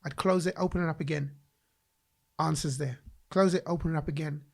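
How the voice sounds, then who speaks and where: A man from England, speaking as a guest on a podcast. His voice sits a little high and has a gravelly edge. He tells his story with animation and slips into the voices of the people he quotes. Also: fairly even intonation, fairly quick. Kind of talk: personal storytelling in a podcast interview.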